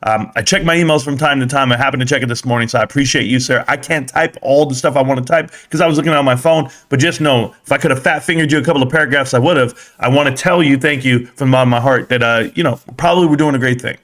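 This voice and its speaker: A man hosting a casual stock market live stream, rambling and joking as he gives shout-outs to his viewers. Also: medium pitch, quick pace, few pauses.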